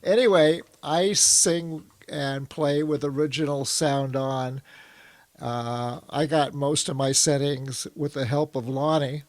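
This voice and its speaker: A man's voice: a little high, steady tone, slow, dry recording. A man on a video call from home chatting about his audio setup with lots of fillers, then singing along to his guitar. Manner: rambling, with many fillers. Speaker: song circle performer. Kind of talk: casual chat and singing with guitar. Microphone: computer mic on a video call.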